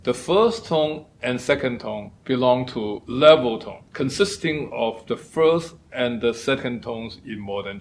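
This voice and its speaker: A male professor giving a lecture, speaking deliberately and demonstrating sounds aloud. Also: mid-range voice, slight background noise. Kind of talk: lecture on poetry and tones.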